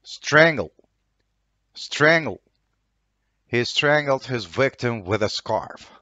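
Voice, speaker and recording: A man's voice: medium pitch, animated, slow, pushed and bright, no room sound, lo-fi sound. A man with a Turkish accent teaching English vocabulary, saying each word twice and reading an example sentence. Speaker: language teacher.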